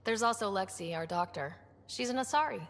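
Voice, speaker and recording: Brief: composed team leader , played by a woman, measured delivery. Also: medium pitch, lively intonation, long reverb tail, close to an everyday voice.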